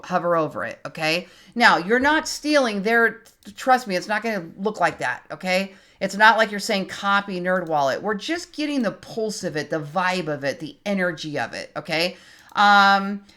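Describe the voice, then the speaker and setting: A woman in her fifties giving a screen-recorded tutorial, talking casually and thinking aloud as she types, reading her prompts out slowly. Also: medium pitch, fairly bright tone. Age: 50s. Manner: chatty, thinks aloud while typing, reads prompts out slowly. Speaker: creator teaching online tools.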